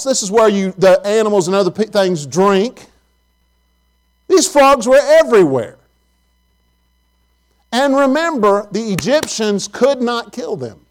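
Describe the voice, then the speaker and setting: A middle-aged man preaching a sermon and telling folksy family stories. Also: high voice. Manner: storytelling, folksy and animated. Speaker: pastor.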